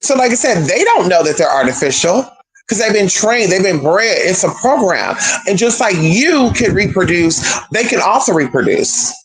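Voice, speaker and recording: A livestreamer talks to the audience in a loose, swearing, chatty monologue, the pitch leaping up and down all the time. The recording carries clear background noise and clicks. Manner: animated, profane, chatty, addresses viewers as y'all and girl. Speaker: streamer. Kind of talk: casual spiritual monologue.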